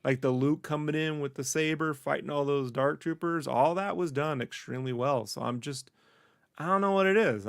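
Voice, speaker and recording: A man's voice: medium pitch, vocal fry, fairly bright tone, no echo, studio quality. A man co-hosting a casual chat, rambling with lots of "like" and "you know".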